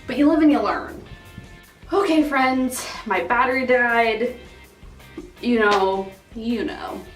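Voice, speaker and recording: A woman's voice: on the high side, slow. Chatty young woman telling a storytime. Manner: animated, quotes people in put-on voices, heavy use of "like". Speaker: vlogger. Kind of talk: casual storytime. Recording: roomy echo, somewhat far from mic, faint music.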